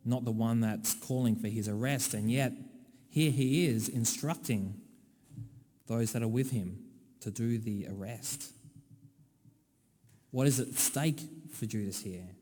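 An Australian man delivers a sermon in a relaxed, conversational way with wry, dry asides. His voice is mellow and warm. The long reverb of a large hall trails after each phrase. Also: medium pitch, measured pace, long pauses. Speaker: preacher.

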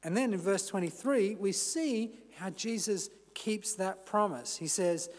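A man preaching a sermon as pastor, measured and unhurried, with the odd casual aside. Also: high voice, long reverb tail. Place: church.

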